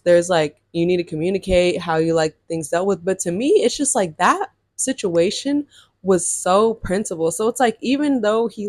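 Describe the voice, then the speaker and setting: A woman's voice: on the low side, no echo. Chatty young woman, dry close sound. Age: 20s. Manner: chatty, lots of fillers, animated retelling. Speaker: vlogger. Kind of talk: casual storytime chat.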